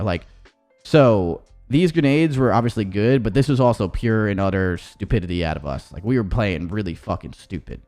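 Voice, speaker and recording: A man's voice: on the low side, expressive, normal speed, soft background music. A man, an esports coach, casually reviewing gameplay footage in a rambling, profane way with many restarts.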